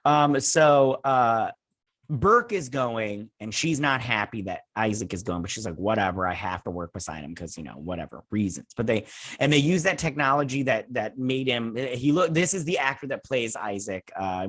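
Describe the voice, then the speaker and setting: A man talks through a TV episode at home in a loose, rambling way, stringing events together with filler phrases and throwing in sarcastic, swearing asides. His voice sits at an ordinary pitch and is recorded dry and close, with no room sound. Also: lively intonation, moderate pace, fairly bright tone, no echo. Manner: rambling, says "and everything" and "he's like" a lot. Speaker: host reviewing a TV episode. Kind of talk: casual recap and review. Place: home with children playing nearby.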